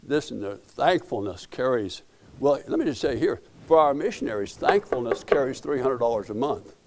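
A middle-aged man preaches a sermon, his voice carrying a gravelly edge. He speaks in a folksy, storytelling way, circling back with repeated words and restarts as he makes his points. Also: medium pitch, expressive, moderate pace, darkish tone. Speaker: pastor.

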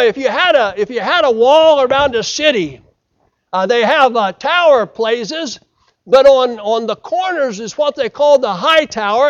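An American man preaching a sermon, swinging from loud emphasis to hushed delivery and acting out quoted lines. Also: very high-pitched, muffled recording. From United States. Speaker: pastor.

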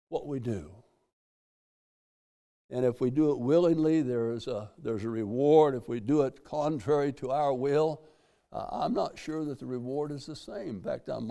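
An older man with a drawl preaches a sermon in a homespun, repetitive style, lifting into scripture readings. His voice sits a bit high for a man yet sounds warm and mellow. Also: creaky. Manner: folksy, repeats phrases, reads scripture aloud. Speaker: pastor.

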